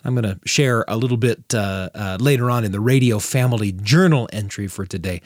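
A man's voice: lowish voice, a little fast, dry recording, studio quality. A man hosting a storytelling show, reflecting casually on the story just heard. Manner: chatty, with restarts. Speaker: host.

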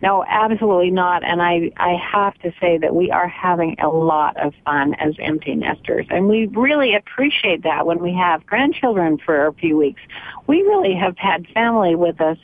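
An older woman co-hosting a radio show, chatting lively about family life. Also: fairly low pitch, moderate pace. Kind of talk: casual radio chat. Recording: dry, narrow phone-like radio sound.

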